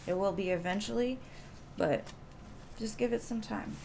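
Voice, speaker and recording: Woman, mid-pitched, casual tarot reader on a live stream, chatty and reassuring, faint noise behind. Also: normal speed, creaky, darkish tone. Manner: reassuring, chatty, many fillers like "like".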